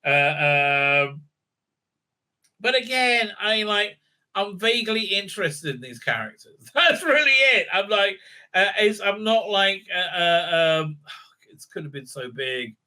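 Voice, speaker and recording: Guy rambling through a tv recap, really bright voice, lots of uhs and restarts. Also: high voice, very animated, takes it slowly. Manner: rambling, many fillers and restarts, acts out quotes. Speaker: video reviewer. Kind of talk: casual spoken recap and review.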